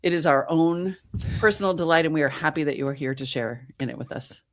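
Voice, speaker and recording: A woman's voice: sits low, quick pace. A middle-aged woman co-hosting a podcast in casual, bubbly chat, laughing often. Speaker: podcast co-host.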